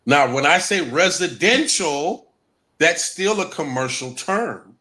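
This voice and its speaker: Male host, bright higher-pitched voice, emphatic, repeats points for viewers. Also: expressive, takes it slowly. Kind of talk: casual live-stream talk.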